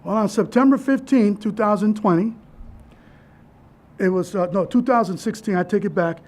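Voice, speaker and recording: A man giving a personal memorial speech as keynote speaker, telling his story in an earnest, halting way with restarts. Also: sits high, a little mellow.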